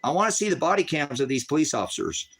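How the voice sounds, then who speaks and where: A man's voice: on the high side, very animated, fast, a bit bright, breathy edge. A man hosting, commenting on footage for his viewers in an agitated way, swearing often and calling them brothers and sisters.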